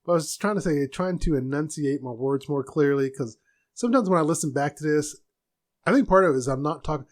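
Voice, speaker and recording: A soft-spoken man hosting a casual solo podcast from a room at home, rambling with restarts. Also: a little high, lively intonation, a little fast. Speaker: podcast host.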